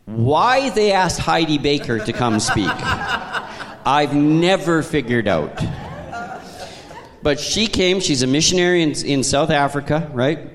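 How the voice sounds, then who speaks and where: A man's voice: fairly high pitch, lively intonation, a little slow. A man preaching a sermon as a pastor, telling stories in a conversational way with chuckles. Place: church sanctuary. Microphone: handheld microphone. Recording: long hall reverb.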